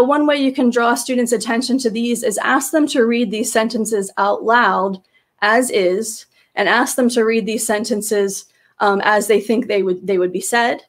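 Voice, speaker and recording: A woman's voice: on the high side, fairly even intonation, measured pace. Woman walking teachers through slides. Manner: explanatory, with frequent fillers and restarts. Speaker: teacher trainer presenting a webinar.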